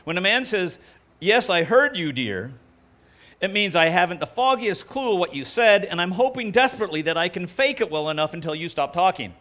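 Guy pastor, high voice that jumps around a lot, joking sermon. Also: a little fast, hardly any pauses. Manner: animated, playful delivery of jokes.

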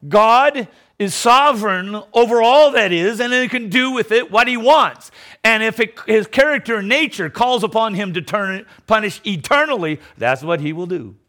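A middle-aged preacher delivers an emphatic, animated sermon at normal speed. He swings between loud declarations and low mocking asides, often repeating words as he starts over.

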